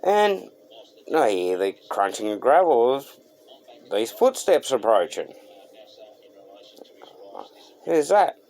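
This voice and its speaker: Slow, gravelly Australian bloke telling a yarn. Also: male voice, mid-range voice, big pitch swings, darkish tone, slight background noise. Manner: laid-back, slangy, acts out quotes. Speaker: car channel host. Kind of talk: storytelling to camera.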